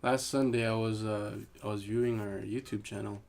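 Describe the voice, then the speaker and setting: A man's voice: on the low side, steady tone, moderate pace, creaky, a little mellow. A man co-hosting a podcast in casual chat, rambling with frequent restarts. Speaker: podcast co-host.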